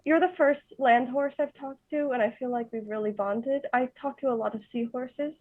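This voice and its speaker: Woman playing a soft-spoken, earnest adventurer. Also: high voice, fairly even intonation, normal speed, dry recording. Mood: tender. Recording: phone-like call audio.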